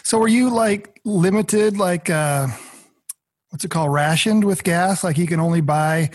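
A man's voice: sits high, a little slow. A man hosting an interview, asking curious questions and cracking jokes. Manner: curious and joking. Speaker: podcast host.

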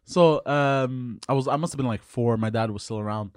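A man telling a childhood story on a podcast, halting often with fillers and restarts. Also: medium pitch, clean tone, no room sound, clean studio sound. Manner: halting, many fillers and restarts, laughs off teasing. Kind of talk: casual storytelling.

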